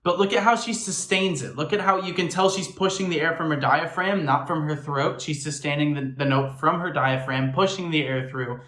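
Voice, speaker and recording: A man with a somewhat high voice hosts a reaction video. He gives eager, analytical commentary on singing technique, and his voice rings around an echoey room. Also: normal speed, few pauses, bright, forceful tone. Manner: analytical, breaks down and imitates singing. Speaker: reaction video host, actor and filmmaker. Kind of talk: enthusiastic vocal-technique commentary.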